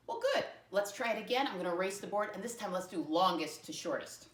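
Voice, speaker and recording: A woman teaching young children a math lesson, talking slowly, spelling words out letter by letter, and making playful jumps in pitch. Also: animated, distant mic. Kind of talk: early-grade math lesson. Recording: roomy sound from off-mic.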